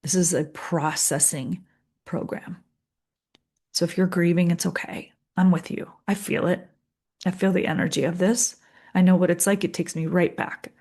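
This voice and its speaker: A middle-aged woman coach talks in a gentle, empathetic podcast monologue. Her voice sits a little low, and she builds her points through repeated phrases and lists. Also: fairly even intonation, moderate pace, husky. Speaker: leadership coach.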